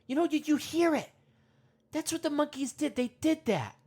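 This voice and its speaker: A woman playing an excitable male self-help podcast host who rambles, repeats himself and trails off mid-thought. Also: high-pitched, moderate pace. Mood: worked up. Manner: rambling, repeats words, trails off, grunts monkey noises. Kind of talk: comedic parody meditation podcast.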